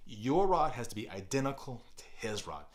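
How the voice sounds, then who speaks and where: A middle-aged man, a kids pastor, giving parenting advice on a podcast with deliberately exaggerated, energetic delivery. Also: medium pitch.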